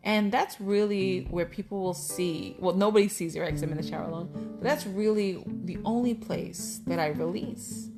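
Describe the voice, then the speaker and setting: A woman's voice: mid-range voice, normal speed, hardly any pauses, over music. A middle-aged woman vlogging about her life in a candid, heartfelt, rambling way. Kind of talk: casual personal talk to camera.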